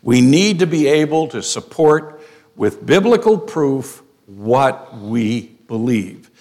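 A man preaching an expository sermon, emphatic, repeating phrases for stress. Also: mid-range voice.

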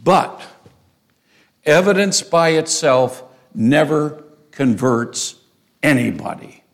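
A man's voice: a little high, animated, slow. A man preaching an expository sermon, emphatic, repeating phrases for stress.

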